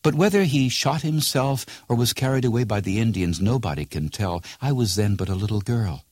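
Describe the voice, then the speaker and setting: A man doing a soft young village mother. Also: medium pitch, animated, fairly quick, no echo, studio quality, voice pushed up, natural voice. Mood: wistful.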